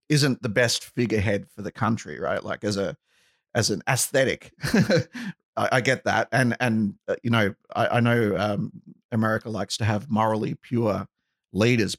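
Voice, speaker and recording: Gravelly-voiced man in rambling chat. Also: lowish voice, normal speed, no echo, clean studio sound. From outside the US. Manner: rambling, with frequent "right?" asides. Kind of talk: casual conversation.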